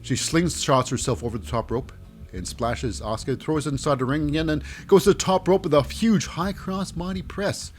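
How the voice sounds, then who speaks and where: A man's voice: on the high side, moderate pace, soft background music. A man casually recapping a wrestling show, jokey and rambling with lots of fillers.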